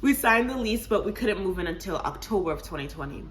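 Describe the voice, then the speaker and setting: A young woman in her twenties tells a casual vlog story to her viewers, animated and laughing and calling them y'all. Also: on the low side, quick pace, a little hiss or hum. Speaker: vlogger.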